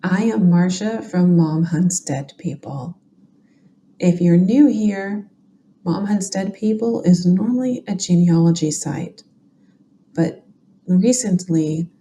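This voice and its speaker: Southern woman with a deep, mellow voice. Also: takes it slowly, slight background noise. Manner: chatty, opinionated asides. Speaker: genealogy and true crime podcast host. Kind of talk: casual commentary on court records.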